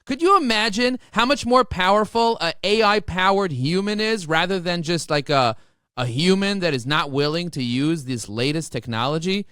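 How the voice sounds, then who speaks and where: A man talking as a podcast guest, emphatic and motivational, often repeating words as he rushes ahead. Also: sits high, smooth, dry recording, studio quality. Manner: repeats words when excited. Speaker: podcast guest, marketing expert. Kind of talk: energetic podcast interview.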